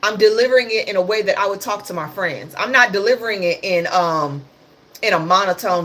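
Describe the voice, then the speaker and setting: A woman's voice: medium pitch, a little fast, fairly bright tone. A woman hosting a casual livestream, talking about the news in a passionate, sarcastic and blunt way. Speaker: livestream host.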